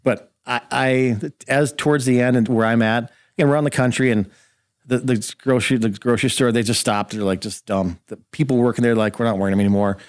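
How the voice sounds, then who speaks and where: A man chatting quickly and loosely on a talk show, jumping into the voices of the people in his story. His voice sits at an ordinary middle pitch. The recording is dry and close. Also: clear, resonant tone, no room sound. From rural Minnesota. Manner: animated storyteller acting out quotes. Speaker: guest host. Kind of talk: casual storytelling chat.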